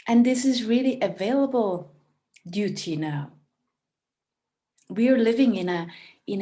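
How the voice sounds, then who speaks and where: A woman giving a calm, reflective spiritual talk as a teacher. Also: medium pitch.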